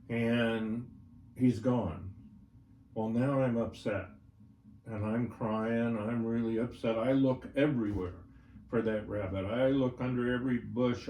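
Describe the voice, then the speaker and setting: A man's voice: medium pitch, a little mellow, slight background noise. An older man, a horse trainer, telling a personal story in an interview in a folksy way, often checking in with his listener. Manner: folksy, checks in with "right?" and "all right?". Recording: roomy, from a distance, faint ambience.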